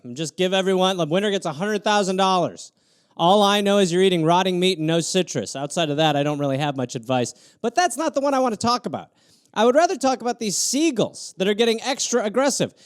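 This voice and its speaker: A man with a fairly high voice riffs alone on viewer prompts, sarcastic and animated. The sound is dry and close, with no room around him. He jumps between rants and quick mock asides. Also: smooth, no room sound. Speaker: comedian host riffing on viewer prompts. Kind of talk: solo improvised comedy riff on a livestream.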